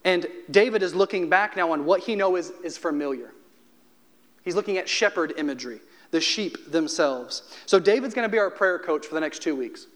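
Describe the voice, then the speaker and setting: Higher-voiced man preaching a sermon. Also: animated. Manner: conversational preaching with humor and slowed emphasis. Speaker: pastor.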